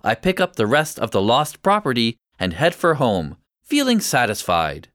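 A male narrator reads a first-person story in a clear, measured way. His pitch moves in lively, animated swings, and the recording is dry and close with no room sound. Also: no room sound.

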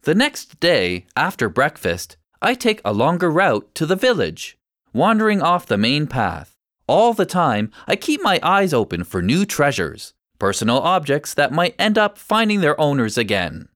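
A man narrating a first-person story in a clear, measured storytelling manner. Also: a little high, huge pitch swings, a bit bright, dry recording, clean studio sound.

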